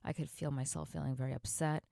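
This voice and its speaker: Low-voiced woman telling a story. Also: fairly even intonation, fast, gravelly, dark tone, no echo, studio quality. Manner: earnest, reflective storytelling with sound-effect words. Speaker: podcast host. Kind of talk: storytelling monologue.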